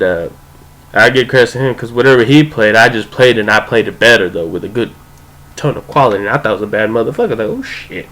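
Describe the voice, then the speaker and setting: A young man telling a casual, profane personal story, acting out what people said with big jumps in his voice. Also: low-quality recording. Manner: animated, profane, acts out quoted voices with big pitch jumps.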